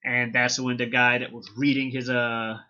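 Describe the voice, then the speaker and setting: Dude doing a manga chapter recap, bright sharp voice, swears a lot, kinda dull lo-fi sound. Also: male voice, medium pitch, normal speed. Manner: excited, slangy, swears freely. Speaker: manga reviewer. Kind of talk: casual recap and commentary.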